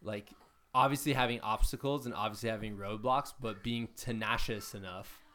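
A man's voice: on the low side, fairly even intonation, normal speed, fairly bright tone. A man hosting a podcast, telling rambling, self-mocking stories in a casual chat.

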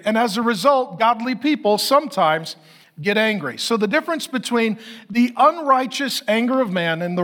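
A man's voice: high voice, fairly bright tone. A middle-aged man preaching a sermon, emphatic and repetitive, full of rhetorical questions. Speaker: pastor.

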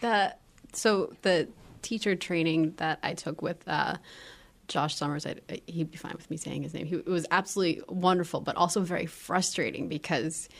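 A yoga teacher chatting casually, laughing often and now and then dropping to a whisper. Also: female voice, low-pitched, normal speed, gravelly. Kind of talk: casual chat.

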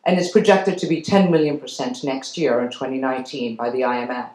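A woman's voice: sits low, reverberant, low-quality recording. A woman from Venezuela giving a public lecture, telling her story in an earnest, emphatic way. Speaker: guest lecturer. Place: lecture hall.

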